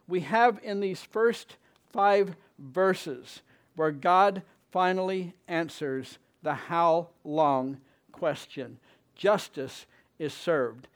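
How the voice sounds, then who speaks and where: A man preaching a sermon, reading scripture with slow, emphatic delivery and rising exclamations. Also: sits high. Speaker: pastor.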